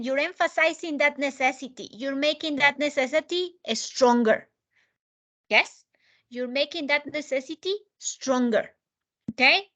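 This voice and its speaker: A high-pitched woman with a bright, clear tone teaches a live English lesson. She asks her students questions and praises their answers. She repeats key points to make them stick. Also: expressive, a little slow.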